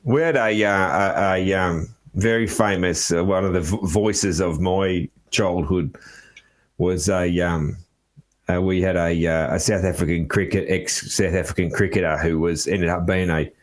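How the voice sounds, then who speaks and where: An Australian man hosting a podcast interview, talking in a halting way with lots of fillers and restarts. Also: low-pitched, steady tone. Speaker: podcast host. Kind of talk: casual interview chat.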